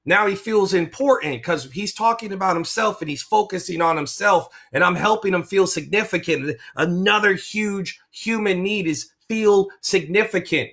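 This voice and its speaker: Middle-aged man, veterans' claims coach, bright and slightly high voice, emotional, rambling, keeps restarting his sentences. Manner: emotional, rambling, self-interrupting. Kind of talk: motivational vlog talk.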